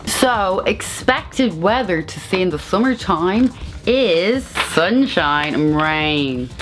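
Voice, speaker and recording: A woman with an Irish accent from Ireland, hosting a chatty theatre news vlog with playful, sarcastic asides. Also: low-pitched. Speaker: theatre vlogger.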